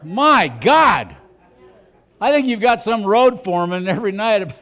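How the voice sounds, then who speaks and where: A man's voice: sits high, a little fast, clean tone. A man doing a stand-up comedy set on a club stage, rambling and self-deprecating, with frequent restarts.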